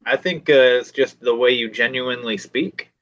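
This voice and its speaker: A man's voice: mid-range voice, normal speed, a bit bright, muffled recording. A middle-aged man guesting on a podcast in a casual, joking chat, swearing freely.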